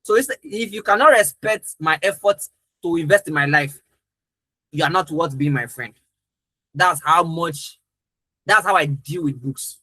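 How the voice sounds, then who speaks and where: A young man with a somewhat high, bright, forceful voice leads a live training session. He talks earnestly and emphatically, leaning into his points. The sound is dry and close. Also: lively intonation, unhurried, long pauses, dry recording, low-quality recording.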